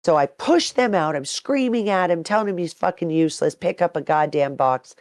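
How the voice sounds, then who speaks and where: A woman in her thirties co-hosting a podcast, telling stories in a lively, profane way and acting out what people said. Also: on the low side, brisk, dry recording, clean studio sound. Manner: animated, profane, acts out quotes. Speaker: podcast co-host. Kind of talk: casual storytelling chat.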